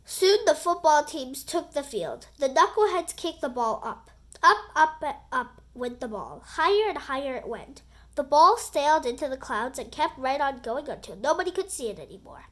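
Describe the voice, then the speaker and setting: A woman reading a children's book aloud in an animated, expressive storytelling voice. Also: high-pitched, moderate pace.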